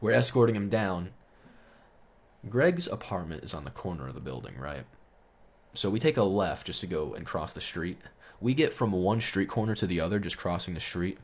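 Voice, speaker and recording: A man's voice: sits low, animated, normal speed. A man telling a story in a casual, rambling, profane way, chuckling as he goes. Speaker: storyteller host.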